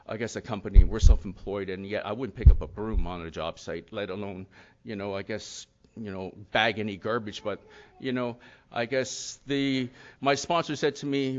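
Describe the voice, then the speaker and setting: A man's voice: lowish voice, fairly even intonation, normal speed. A middle-aged man giving an earnest, rambling personal testimony at a recovery talk, full of "you know" and "and yet". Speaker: speaker sharing his recovery story. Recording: slightly dull lo-fi sound.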